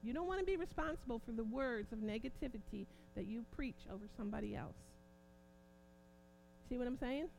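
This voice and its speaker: A woman preaching an informal sermon, growing impassioned and forceful at points. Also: a little high, fairly quick, vocal fry, slight background noise. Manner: impassioned, rising to near-shouting emphasis.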